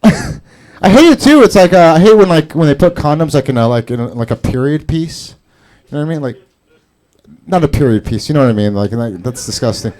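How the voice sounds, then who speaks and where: A man's voice: a little high, big pitch swings, brisk, a little mellow. A man doing open mic stand-up, rambling and profane, laughing at his own jokes. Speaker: stand-up comedian. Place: comedy club stage.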